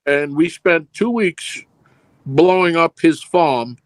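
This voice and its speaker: A middle-aged film producer recounts long, rambling anecdotes in an easygoing interview, acting out the dialogue. He has a fairly high pitch and a slow pace, with no room sound.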